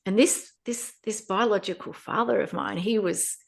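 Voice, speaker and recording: A woman, a podcast guest telling her own story in a lively way with frequent laughter. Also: medium pitch, normal speed, gravelly. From Australia. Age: 50s. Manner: animated, laughs often while telling a story. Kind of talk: personal storytelling interview.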